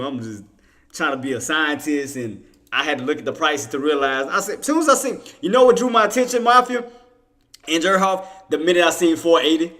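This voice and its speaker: Trading streamer, man, bright voice, playful laughing banter with viewers. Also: medium pitch. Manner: loose casual slang. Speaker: stock trading livestream host. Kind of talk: casual livestream commentary to chat.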